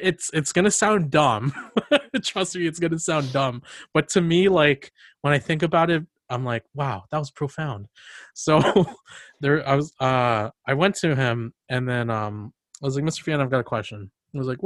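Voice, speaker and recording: A young man chats on his podcast in a middle-pitched voice, telling long rambling stories packed with fillers and quick laughs. The sound is close and dry, with no room around it. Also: fairly bright tone, no echo. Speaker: podcast host. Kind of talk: casual chat.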